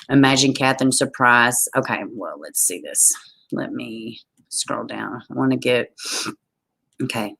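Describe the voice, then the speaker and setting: Brief: Southern woman, tired, very deep voice, true crime livestream host who reads aloud and chats with the viewers. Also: a bit bright. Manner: reads a case aloud, trails off and greets viewers. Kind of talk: reading aloud and chatting on a livestream.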